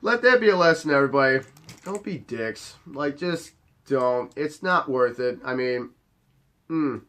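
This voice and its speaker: A man's voice: mid-range voice, expressive, unhurried, pushed and bright. A man who works as a bar bouncer and head of security, telling a story to camera in a casual, swaggering way with plenty of swearing. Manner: cocky, profane and swaggering.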